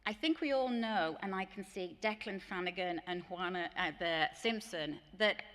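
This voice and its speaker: A woman's voice: on the low side, normal speed, a bit bright. A woman with an English accent giving a conference plenary to teachers, telling earnest stories and mimicking voices in quoted dialogue. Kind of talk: conference keynote talk with anecdotes. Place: large conference hall. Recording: long hall reverb.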